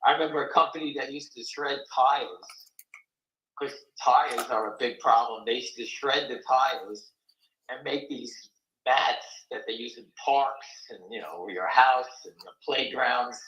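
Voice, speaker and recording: A man's voice: mid-range voice, measured pace, pushed and bright, roomy sound, highs cut off. An older man hosting a live stock market talk show, blunt, folksy and rambling.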